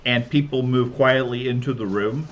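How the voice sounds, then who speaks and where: A man running a tabletop game as game master, narrating and giving rulings in a calm, measured way. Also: medium pitch, dull audio.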